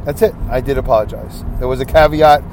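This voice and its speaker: A man's voice: mid-range voice, quick pace, a little mellow, a little hiss or hum. A sleep-deprived man in his fifties hosting a solo podcast, rambling and losing his train of thought. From upstate New York. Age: 50s. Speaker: podcast host.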